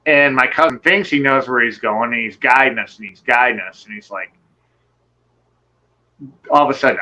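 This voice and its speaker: Animated man telling a wild story. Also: medium pitch, moderate pace, poor audio. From Michigan. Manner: animated, rambling, swearing, acts out quotes. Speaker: guest telling an encounter story. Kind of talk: casual storytelling on a live show.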